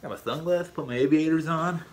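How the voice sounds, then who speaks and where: A man's voice: a little high, fairly quick, noisy background. A man talking casually to his viewers in a vlog, rambling and stumbling over repeated words as he goes. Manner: chatty, talking straight to viewers. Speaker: vlogger.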